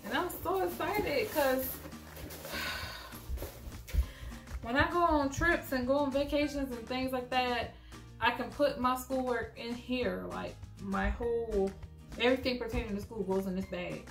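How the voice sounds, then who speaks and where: A young woman chatting excitedly to her viewers in a casual home vlog, often calling them y'all. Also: a little high, a little slow, pauses often. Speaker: vlogger. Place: at home, in pajamas. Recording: echoey room with loud music behind.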